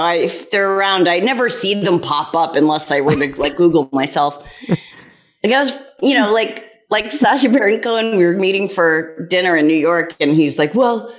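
A woman comedian appearing as a podcast guest, chatting casually with quick asides. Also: on the low side, expressive.

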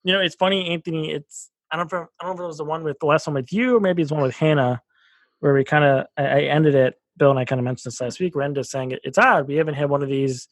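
A man with a husky, slightly raised voice co-hosting a hockey podcast in casual chat. He speaks, fills his talk with "like" and laughs easily. The sound is dry and close. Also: fairly high pitch, fast, no room sound. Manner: laughs often, chatty with filler words. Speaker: podcast co-host.

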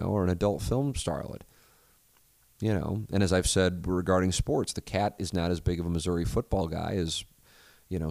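A man's voice: low-pitched, a little mellow, no echo. A middle-aged American man hosting his own podcast, talking alone in a candid, rambling way with frequent restarts and the odd swear word. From United States. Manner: rambling, candid, self-correcting, profane. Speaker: podcast host. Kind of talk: solo casual monologue.

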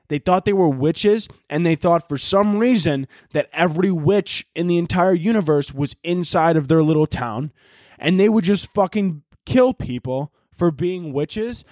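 A man talks through his solo podcast in a loose, rambling comic monologue, swearing often and jumping into loud yelled bits. His voice sits a little higher than most men's. The sound is dry and close. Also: unhurried, no room sound. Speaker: podcast host. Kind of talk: casual comedic monologue.

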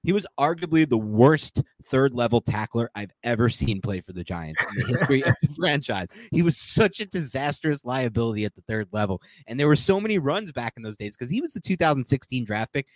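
A man with a low voice talks casually on a sports podcast, rambling and correcting himself as he goes. The sound is dry and close, with no room behind it. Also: no echo. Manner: rambling, self-correcting, animated. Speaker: podcast co-host.

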